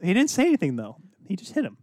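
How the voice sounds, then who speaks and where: Young man, podcast co-host, joking casual chat, slightly high voice, lively. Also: fast talker, no room sound, clean studio sound. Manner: goofy, joking, wrestling references.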